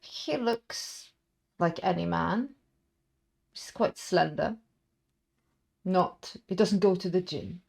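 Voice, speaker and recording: Sex: woman. Role: game master. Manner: casual, laughing. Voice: low, gravelly. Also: takes it slowly, long pauses, darkish tone. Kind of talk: narrating a tabletop game.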